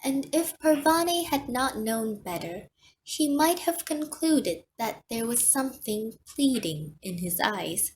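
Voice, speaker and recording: A woman reading an audiobook aloud in a slow, expressive manner. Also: a little high, a little hiss or hum. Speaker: audiobook reader. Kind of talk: audiobook narration.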